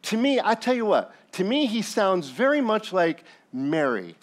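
A man's voice: high voice, sing-song, normal speed. A male pastor preaching a sermon, telling the story with jokes and acted asides.

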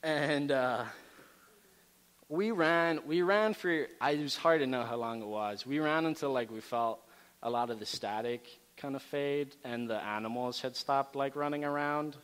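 A man speaking in a relaxed, chatty storytelling voice, full of fillers and asides. He has a medium pitch, and the sound is a long, reverberant hall. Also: unhurried, clean tone. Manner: animated, casual storytelling with many fillers. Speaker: campus ministry speaker. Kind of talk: storytelling sermon talk.

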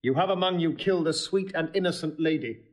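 An actor playing a grave soldier-lord who speaks in a cold, measured, earnest way in a stage play recording. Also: male voice, a little high, natural voice. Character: grave male soldier-lord issuing a challenge.

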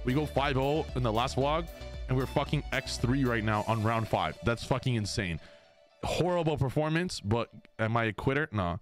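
Man, card game vlog, excitable and swearing, exasperated rants, jumpy pitch, faint background music. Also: normal speed. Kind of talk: casual vlog commentary over gameplay. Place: card game store at a local tournament.

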